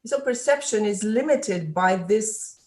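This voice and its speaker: A woman's voice: mid-range voice, lively intonation, a little slow, a little mellow. A woman guest in a live online talk, thoughtful and searching for her words over a video call. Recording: roomy echoing room.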